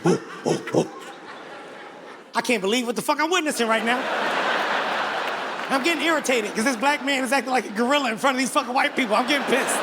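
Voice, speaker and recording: A man telling a profane stand-up comedy story with animated, indignant outbursts. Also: extremely high pitch. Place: large venue with audience. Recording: echoey hall, faint background noise.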